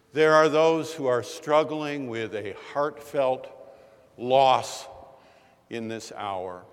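A man in his sixties preaching a sermon in a chapel, telling a story in a measured, unhurried way. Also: medium pitch. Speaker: pastor. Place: large chapel. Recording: long reverb of a chapel.

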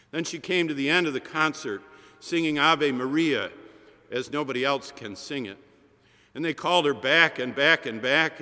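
A man delivering an Easter-style sermon from the pulpit, building rhythmic repetitions and then dropping his voice low. His tone is bright and forceful. The sound carries a long reverb from a large church. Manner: rhythmic, repetitive cadence with dramatic drops. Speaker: pastor.

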